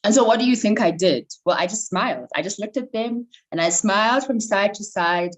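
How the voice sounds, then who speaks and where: A woman from South Africa hosting an online session, telling a personal story with many fillers and lively emphasis. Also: medium pitch, fairly quick, low-quality recording. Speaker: speaker and workshop host.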